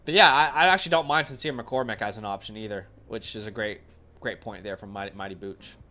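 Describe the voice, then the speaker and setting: A man's voice: lowish voice, fast talker, bright, forceful tone. A man hosting a casual live stream, answering viewer questions, thinking aloud with fillers and restarts, blunt in his opinions, with a runny nose. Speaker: fantasy football host answering viewer questions.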